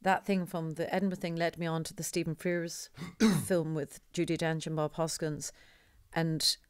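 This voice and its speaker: A woman with a deep voice, a singer talking in an interview in a rambling, digressive way. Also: level tone, normal speed, clean tone, no room sound, studio quality. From Ireland. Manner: rambling, digressive, laughs often. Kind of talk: conversational interview.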